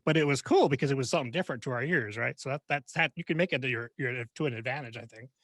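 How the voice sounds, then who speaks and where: A man's voice: mid-range voice, racing, fairly bright tone, no echo. A male podcast host chatting casually with a guest, agreeing often and laughing easily. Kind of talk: casual interview chat.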